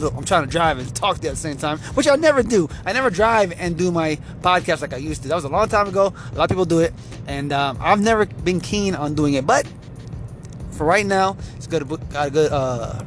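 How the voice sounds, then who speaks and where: A man's voice: a little high, expressive, a little fast, fairly bright tone, slight background noise. Chatty man podcasting while driving. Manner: rambling, self-promoting, chatty. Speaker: podcast host. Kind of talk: casual chat.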